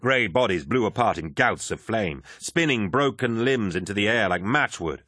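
A man's voice: on the low side, expressive, moderate pace, sharp tone, no room sound, studio quality. A man narrating a military science fiction audiobook, reading battle scenes dramatically. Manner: dramatic, vivid action reading.

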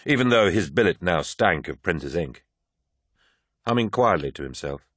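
A man reads a novel aloud in a very low voice, measured and even. The recording is dry and close, with no room sound behind it. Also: no echo. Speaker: audiobook narrator. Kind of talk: scripted audiobook narration.

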